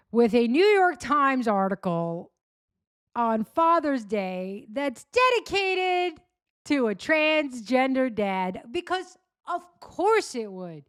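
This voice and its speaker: A woman's voice: a little high, dry recording, clean studio sound. A woman hosting a commentary show, talking in a sarcastic, mocking, rambling way. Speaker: host. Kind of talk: commentary on clips.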